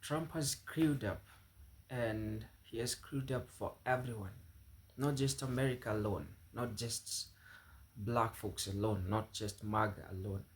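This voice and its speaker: A man hosting a commentary channel, talking earnestly to his viewers. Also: mid-range voice. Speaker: channel host. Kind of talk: commentary to camera.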